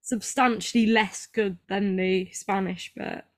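A woman's voice: mid-range voice, fairly even intonation, takes it slowly, dry recording. Young woman host, casual and rambling, self-deprecating, mid-range voice, dry close recording. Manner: chatty, rambling, self-mocking, lots of ums. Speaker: podcast host. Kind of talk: casual chat.

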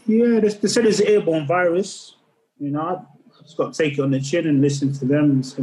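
A man's voice: fairly high pitch, fairly quick, mellow, low-quality recording. A middle-aged man, a podcast guest, tells a personal story in earnest and often repeats words as he recalls it. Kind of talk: candid interview storytelling.

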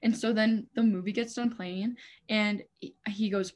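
A young woman in casual conversation tells stories with lots of energy and frequent swearing. Her voice sits at a middling pitch for a woman. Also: moderate pace. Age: young adult. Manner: animated storytelling, swears a lot. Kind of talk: casual chat.

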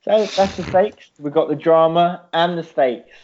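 A man's voice: fairly high pitch, a little slow, darkish tone, a little hiss or hum. A man co-hosting a casual chat, rambling and swearing a lot, on a dull lo-fi recording. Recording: dull lo-fi sound.

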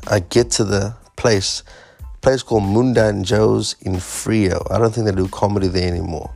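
A man casually telling a story about his first stand-up gig, animated and swearing as he acts out his panic. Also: lowish voice, fairly quick, vocal fry, faint music behind. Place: Fremantle area, Western Australia.

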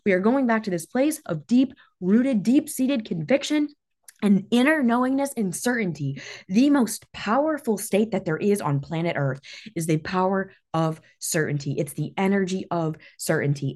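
A woman's voice: mid-range voice, lively intonation, moderate pace, a little mellow. A woman hosting a solo motivational talk, intense and emphatic, swearing freely, her voice shaky with emotion. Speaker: podcast host and business coach.

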